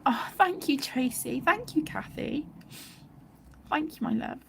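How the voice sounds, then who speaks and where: A woman hosting a colouring live stream, speaking softly and haltingly, often close to a whisper, emotional and near tears. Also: sits high, animated, gravelly, slight background noise. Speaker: colouring channel host. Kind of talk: casual live-stream chat while colouring.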